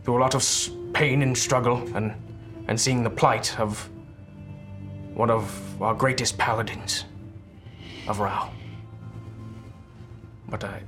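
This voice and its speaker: A man's voice: medium pitch, fairly even intonation, slow pace, long pauses, over music, lightly acted. A man in character as a humble, nervous male envoy, stammering and apologizing with many restarts. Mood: earnest. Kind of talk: tabletop role-play in character.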